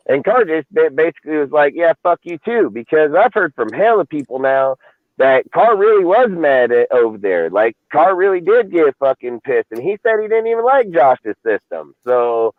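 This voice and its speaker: A man's voice: on the high side, dry recording. Profane, ranting man on a tinny line. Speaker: podcast host. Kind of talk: casual sports talk. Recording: dry, phone-like lo-fi audio.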